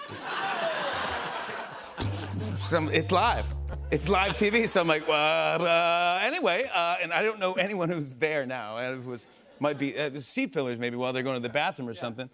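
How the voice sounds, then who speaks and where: A man in his forties hosting a talk show, telling an excited, rambling story full of fillers and quick impressions. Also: on the high side, soft background music. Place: television studio.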